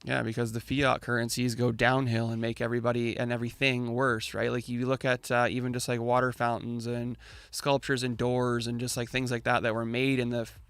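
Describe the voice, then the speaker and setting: Gravelly ranting man, casual chat. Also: medium pitch, completely flat delivery, a little fast, a bit bright, dry recording. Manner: ranting, slangy, mocking quoted voices. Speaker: crypto channel host.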